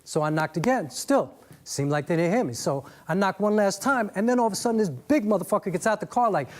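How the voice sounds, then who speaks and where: A man voicing a young army veteran who tells a long story in a lower, laid-back, rambling way in a spoken-word monologue. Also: animated, fast.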